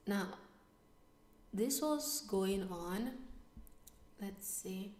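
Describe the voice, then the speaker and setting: Whispery, animated woman in echoey room. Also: on the low side, a little slow, a little hiss or hum. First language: not English. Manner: animated, switching between hushed whispers and excited bursts. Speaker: vlogger. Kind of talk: casual storytelling vlog. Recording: echoey room, slightly distant mic.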